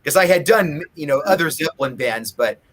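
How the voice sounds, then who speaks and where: Animated and a little fast, a guest musician with a highish, slightly bright voice chats in a casual interview. He tells long, meandering stories, restarting them again and again.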